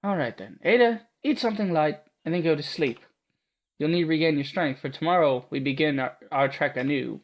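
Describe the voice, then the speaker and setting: A man voicing a gruff, blunt woman warrior with a put-on Scottish accent, reading a visual novel aloud. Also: a little high, fairly quick, lo-fi sound, close to an everyday voice. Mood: stern. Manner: brusque, commanding. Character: gruff tough woman swordswoman, blunt and bossy.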